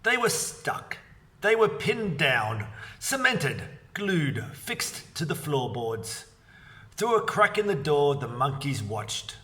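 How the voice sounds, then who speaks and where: Expressive male storybook reader. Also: on the high side, takes it slowly, far from the mic. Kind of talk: reading a children's book aloud.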